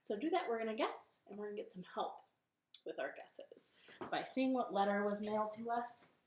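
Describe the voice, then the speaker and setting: A woman leading a children's storytime from her living room, gentle and encouraging, with a sing-song manner for the kids. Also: medium pitch, a little fast, reverberant, a little hiss or hum.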